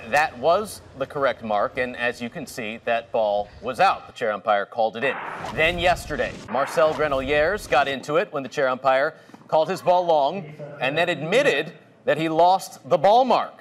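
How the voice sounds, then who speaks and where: A man's voice: fairly high pitch, animated, normal speed. A man hosting a sports show segment, reading a script and posing a debate question to panelists. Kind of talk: presenting a segment.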